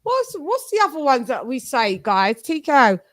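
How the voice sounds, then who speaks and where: A woman's voice: high-pitched, wildly swooping pitch, normal speed, no echo. A woman from East London with a Cockney accent, hosting a boxing channel in casual, rambling, slang-filled chat. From East London, England.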